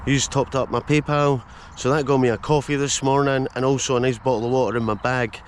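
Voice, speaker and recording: A man's voice: medium pitch, steady tone, fairly quick, slight background noise. A Scottish man hosting a casual walking vlog through village streets, chatting to viewers with jokey asides. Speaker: vlogger and host. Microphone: handheld camera mic.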